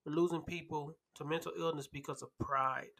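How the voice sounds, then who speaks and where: A man's voice: fairly high pitch, fairly even intonation, brisk, creaky, fairly bright tone. A man on a casual podcast, emphatic and repeating key phrases, often checking in with "right?".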